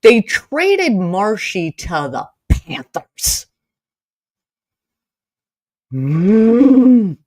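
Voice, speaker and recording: A woman's voice: mid-range voice, big pitch swings, drawn-out words, pauses often, darkish tone, no room sound. A woman from Maine hosting a casual solo podcast, chatting and rambling straight to her listeners and getting heated as she rants. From Maine, USA. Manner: gets heated and exasperated when ranting. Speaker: podcast host.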